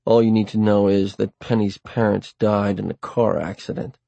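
A man reading a first-person novel aloud in a wry, dry, deliberate way. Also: fairly low pitch, little pitch movement, gravelly, warm tone, no room sound, dull audio. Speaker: audiobook narrator. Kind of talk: first-person audiobook narration.

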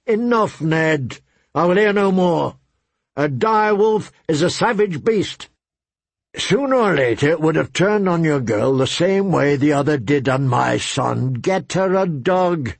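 A male narrator puts on a blustering, short-tempered king who grumbles his orders. The voice is husky and unhurried, and the close recording has a dry sound. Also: a little high, lively intonation, dry recording, voice pushed up, heavily acted. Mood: irritable, gruff. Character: gruff, irritable middle-aged king.

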